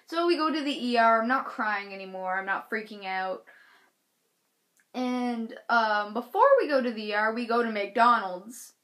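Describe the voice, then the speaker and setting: A woman's voice: on the high side, moderate pace, a bit bright. A young woman telling a personal story in a casual, chatty way, full of filler words. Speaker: vlogger.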